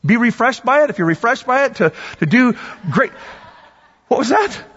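A man preaching a sermon in a lively, conversational way, repeating words for emphasis and bantering with the congregation. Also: very high voice, normal speed, breathy edge. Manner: animated, conversational preaching with repetitions and asides to the congregation. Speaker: pastor. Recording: dull sound with long hall reverb.

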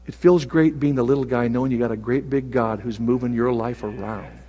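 A man preaching a sermon as pastor, swinging from loud exclamations to hushed whispers. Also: medium pitch, steady tone, brisk, big-room sound.

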